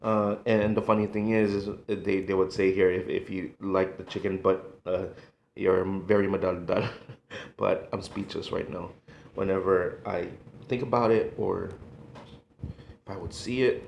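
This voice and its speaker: Middle-aged male vlogger, slow gravelly delivery, nostalgic and halting, roomy echo. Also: low voice, level tone, darkish tone, highs cut off, slight background noise. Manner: emotional, halting, sighing, nostalgic. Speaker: food vlogger. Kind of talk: casual reminiscing monologue. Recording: echoey room.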